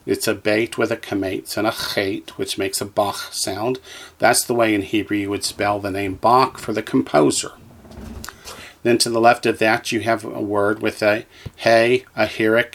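A man with a somewhat low voice teaches a beginner lesson at a very unhurried pace. He reads from the textbook and names each letter one by one, patient and methodical, leaving room for listeners to repeat after him. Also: a bit bright. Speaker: Hebrew teacher. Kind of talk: slow, careful lesson reading from a textbook.

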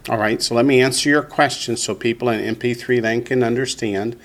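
A man teaching a class, explaining slowly and deliberately and leading the group in repeating words. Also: mid-range voice, steady tone, slight background noise. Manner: slow, deliberate explanations, leads group repetition. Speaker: Hebrew teacher. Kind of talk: classroom lesson with call-and-response.

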